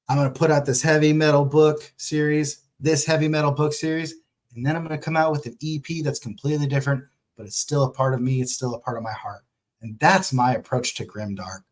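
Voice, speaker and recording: A man at a middle, everyday pitch, talking through his thoughts on a casual vlog. He speaks as an author answering viewer questions, animated and candid, and he swears freely.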